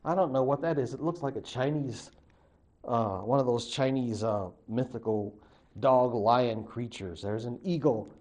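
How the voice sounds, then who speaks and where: A man teaching as a college literature professor, retelling an old legend in a chatty, animated storytelling manner. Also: medium pitch, measured pace. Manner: chatty, animated, acts out voices. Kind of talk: storytelling lecture.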